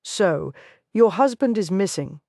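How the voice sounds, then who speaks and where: A woman voicing a young, tidy female detective with a Scottish accent who asks brisk, probing questions. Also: mid-range voice, animated, vocal fry, a little mellow, no echo, studio quality.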